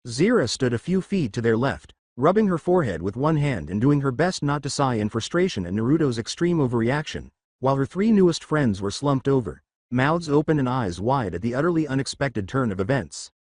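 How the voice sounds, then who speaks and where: A man narrating a fan fiction story with steady storytelling. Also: mid-range voice, fairly quick, few pauses, dry recording, clean studio sound.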